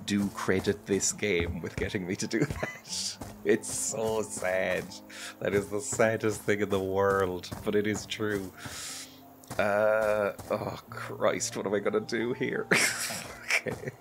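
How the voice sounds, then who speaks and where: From a home streaming setup, a male gaming host offers casual let's-play commentary in a low voice. He rambles, pokes fun at himself, and laughs often as he chats, while game music plays clearly in the background.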